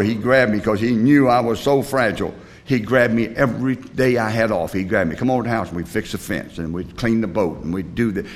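An older man tells a group his personal recovery story at a recovery meeting, rambling and blunt in plain working-class talk, full of fillers and restarts. His voice is mid-range with vocal fry.

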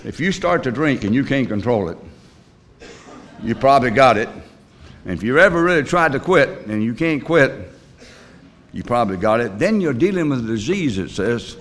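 An older man giving a personal recovery testimony at a meeting, telling his story in a rambling, earnest, plain-spoken way with folksy grammar and frequent pauses. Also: mid-range voice, very animated.

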